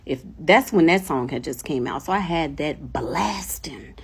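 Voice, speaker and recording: A woman telling a personal story to camera in a casual storytime, animated and laughing, acting out quotes. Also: a little slow, hardly any pauses, slightly rough. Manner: animated, laughing, acts out quotes with big pitch jumps. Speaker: storyteller vlogger.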